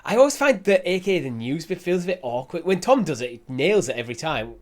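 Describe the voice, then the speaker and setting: A man's voice: a little high, sing-song, fast talker. A man co-hosting a gaming podcast in casual chat, easygoing, hedging with "like" and "um". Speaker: podcast co-host.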